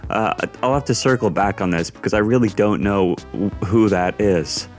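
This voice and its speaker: A man with a lowish voice gives voice-over commentary on video clips. He speaks haltingly, often restarting and stumbling over his words. Soft music runs faintly underneath. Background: faint background music.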